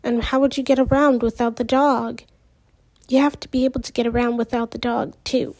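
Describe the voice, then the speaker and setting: A woman's voice: fairly high pitch, level tone, a little mellow, dry recording, lightly acted. Natalie, a woman doing a patient blind teen. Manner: measured, explaining. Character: newly blind teenage girl, calm and patient.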